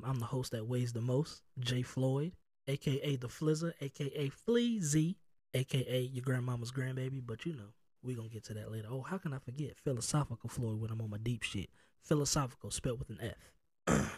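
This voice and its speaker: Joking, profane Southern podcast host. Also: male voice, medium pitch, steady tone, fast talker, darkish tone, breathy edge, no room sound, studio quality. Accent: Southern US (North Carolina). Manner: loose, profane, joking street slang. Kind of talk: casual chat. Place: home.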